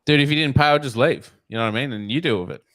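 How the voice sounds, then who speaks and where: A man's voice: mid-range voice, racing, fairly bright tone, no room sound. An Australian man, a snake catcher guest, telling blunt, profane, rambling stories in a casual interview.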